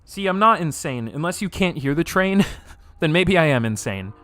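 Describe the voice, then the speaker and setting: A young man live streaming, reacting and reading chat aloud in an excitable way, laughing often and swearing casually. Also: fairly high pitch, moderate pace.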